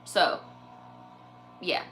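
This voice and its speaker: Bright-voiced chatty young woman. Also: very slow. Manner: chatty, slangy, laughs often, swears. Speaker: host reading viewer stories on a live stream. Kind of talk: casual chat.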